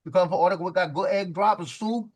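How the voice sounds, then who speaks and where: A man's voice: high-pitched, quick pace, fairly bright tone, pitched above the performer's own voice. A man voicing a pushy restaurant phone clerk in exaggerated broken English. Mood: mocking. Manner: sing-song, exaggerated.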